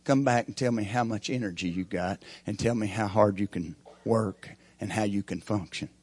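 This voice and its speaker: A middle-aged preacher giving a sermon with folksy, emphatic storytelling. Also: male voice, lowish voice, normal speed, darkish tone, breathy edge.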